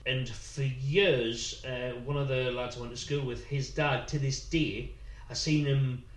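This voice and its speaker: Animated thirty-something man telling stories. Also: mid-range voice, a little slow, roomy sound, low-quality recording. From North East England. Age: 30s. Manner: animated storytelling, acts out rhymes. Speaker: actor guest. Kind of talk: casual chat.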